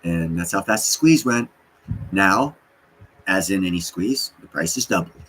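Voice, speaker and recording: A man's voice: sits low, animated, measured pace, a bit bright, breathy edge, rough recording. A man hosting a livestream from an unfinished basement, rambling with many fillers. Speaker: livestream host. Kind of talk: casual livestream talk.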